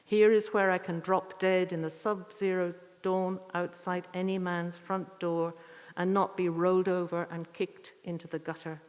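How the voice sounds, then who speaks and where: Woman, fairly low voice, earnest poetry reading, unhurried pauses, echoey church. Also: little pitch movement, darkish tone. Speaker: poetry reader at a tribute evening. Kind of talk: poetry reading with spoken introductions.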